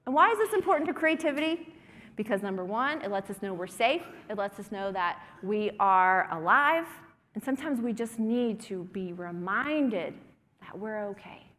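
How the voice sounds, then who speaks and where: A woman's voice: mid-range voice, animated, normal speed, a bit bright. A woman presenter leading a group through breathing and humming exercises in an encouraging way, in a conference breakout room. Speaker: workshop presenter. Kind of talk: guided breathing and humming workshop. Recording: long hall reverb.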